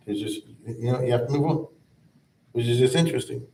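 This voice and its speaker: A male teacher explains old texts in a relaxed, talky way, breaking into chanted verse before paraphrasing it. His voice sits in the middle range and sounds off-mic, with the hollow ring of a large room around it. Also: medium pitch, brisk. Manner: conversational, chanting Hebrew verses then translating, many asides. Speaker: rabbi teaching a class. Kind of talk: informal explanatory lecture. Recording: echoey room, mic at a distance.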